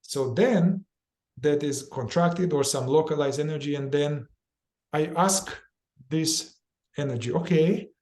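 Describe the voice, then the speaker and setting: A man's voice: fairly high pitch, darkish tone. A man leading a guided somatic therapy group, talking informally, repeating phrases and sometimes swearing. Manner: informal and repetitive, acts out inner voices with quick chanted phrases and swearing.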